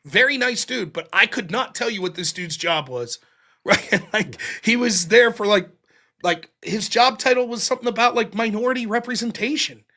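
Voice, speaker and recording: A young call-in show host with a high, bright voice that leaps all over the place tells stories at a normal speed in casual call-in chat. He's profane and animated, putting on mocking voices for the people he quotes, and his delivery stays lively and full of swearing.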